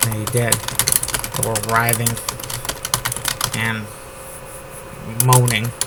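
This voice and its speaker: A man from the United States drafting his novel out loud, repeating words and phrases as he types them. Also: mid-range voice, completely flat delivery, slow pace, heavy background noise. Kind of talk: thinking aloud while drafting a novel. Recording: loud keyboard typing over the voice. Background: keyboard typing.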